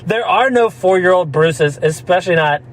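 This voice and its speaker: A man's voice: sits high, animated, moderate pace, a little hiss or hum, rough recording. A man telling a rambling story in casual chat, laughing often and slipping into mock voices. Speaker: podcast co-host.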